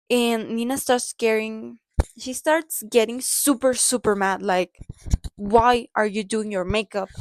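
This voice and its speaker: A woman's voice: a little high, no room sound. A woman vlogger recapping a movie in a casual, gushing way, often saying "like" and "literally" and speaking as a dancer herself. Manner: chatty and gushing, with lots of "like" and "literally"; dancer talking from personal experience.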